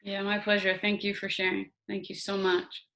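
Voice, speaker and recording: A woman in her forties hosting a memorial over a video call, speaking gently and softly. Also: medium pitch, monotone, moderate pace. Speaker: memorial organizer and host.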